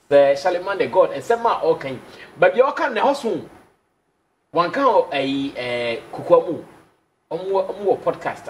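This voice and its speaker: A man's voice: medium pitch, a little hiss or hum. A Ghanaian man hosting a casual commentary show, switching between English and Twi and acting out dialogue as he tells a story. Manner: animated storytelling, acts out dialogue. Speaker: host.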